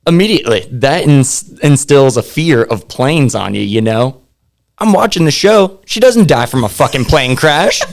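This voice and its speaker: A man's voice: mid-range voice, expressive, normal speed, creaky. A young man, a podcast guest, chatting casually in a laid-back, rambling way and laughing often. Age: young adult. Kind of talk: casual interview chat.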